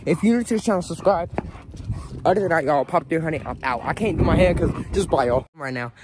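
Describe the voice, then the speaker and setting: A man's voice: on the high side, brisk, darkish tone, rough recording. A man vlogging casually at an outdoor dog park, talking to his dog and his viewers on a handheld phone. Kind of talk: casual vlog chat. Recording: outdoor phone recording with clear background noise.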